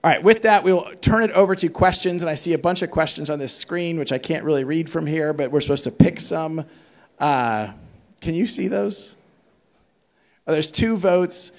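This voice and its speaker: A man's voice: on the high side, normal speed. A man moderating a conference panel, reading out audience questions in a playful way.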